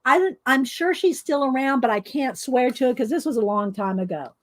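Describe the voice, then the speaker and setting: High-voiced rambling woman storyteller. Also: fairly quick. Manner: rambling, laughing storyteller with many fillers. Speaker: adult coloring video host. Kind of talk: casual storytelling to viewers.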